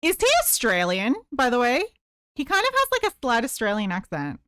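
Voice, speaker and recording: Woman streamer in casual live chat, playful and talkative; crisp, very animated delivery. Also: fairly high pitch, brisk, no echo, studio quality. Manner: chatty and playful, reads chat aloud.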